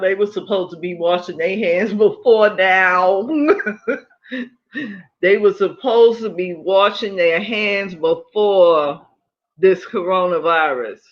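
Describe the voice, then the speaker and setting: A middle-aged woman hosting a casual livestream, talking in an animated way, laughing often and repeating her points for emphasis. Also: mid-range voice, lo-fi sound. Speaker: livestream host.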